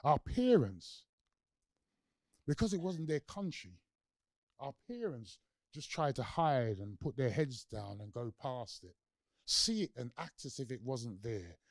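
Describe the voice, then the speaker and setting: A middle-aged guest lecturer with a London accent speaks at medium pitch and a slightly slow pace in a dry, studio-quality recording. He tells stories with lots of energy during a public lecture, performing the voices he quotes and putting questions to the audience.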